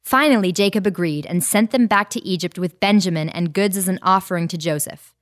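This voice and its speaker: A woman narrating a clear, explanatory summary between Bible story readings. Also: lowish voice, fairly quick.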